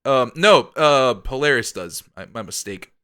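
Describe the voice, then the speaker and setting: A man's voice: mid-range voice, expressive, a little slow, bright, forceful tone, clear, resonant tone. A man co-hosting a podcast, rambling upbeat through comic plot recaps with lots of fillers. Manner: rambling, many ums and likes, upbeat. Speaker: podcast co-host. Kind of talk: casual comic recap chat.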